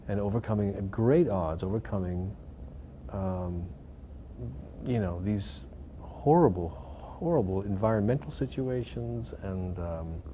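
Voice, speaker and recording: A man's voice: lowish voice, warm tone, a little hiss or hum. A middle-aged man, an actor talking casually and reflectively in an interview, with many fillers and restarts. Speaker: actor interviewed about a film.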